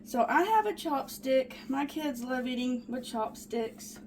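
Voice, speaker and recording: A woman's voice: high-pitched, unhurried, slight background noise. A woman chatting to viewers while baking in her small home kitchen. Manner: chatty, easily excited, talks to viewers as "guys". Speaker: home cooking vlogger. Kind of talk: casual cooking demonstration.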